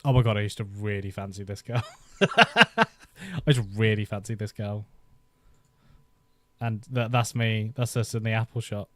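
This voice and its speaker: A man's voice: on the low side, moderate pace, long pauses, fairly bright tone, no echo. A man in his thirties chatting casually on a live stream, rambling and nostalgic, often laughing as he talks into a desk microphone. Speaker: YouTube host.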